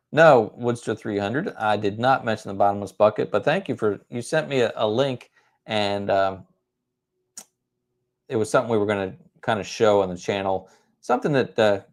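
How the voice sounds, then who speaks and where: Man, middle-aged, livestream host, casual rambling chat, frequent chuckles, slightly low pitch. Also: normal speed. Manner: rambling, chuckles often, self-deprecating humor. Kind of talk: casual livestream chat answering viewer comments.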